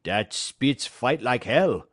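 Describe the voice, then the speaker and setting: A man voicing an excitable, rough French-Canadian dog driver who shouts in broken English. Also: medium pitch, slow pace, no echo, studio quality, pitched above the performer's own voice. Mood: boastful. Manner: loud broken-English exclamations.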